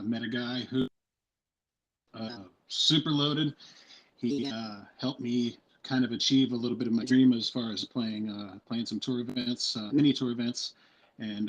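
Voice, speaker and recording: A man's voice: mid-range voice, poor audio. A man from California, a podcast co-host telling his story in a laid-back, rambling way over a phone. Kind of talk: casual podcast chat.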